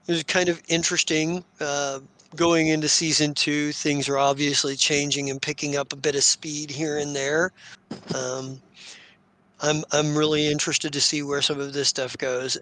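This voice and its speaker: Guy running a live tabletop game stream, lots of um and like, halting narration, kinda high voice, dry close mic. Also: a bit bright, no echo. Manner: halting, many fillers and restarts. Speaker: game master and host. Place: home streaming setup.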